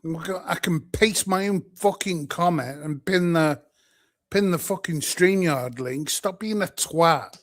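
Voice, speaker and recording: A man's voice: a little high, a little slow. Sweary British man ranting on stream. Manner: angry, sweary, exasperated. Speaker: livestream host. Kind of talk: profane live-stream rant.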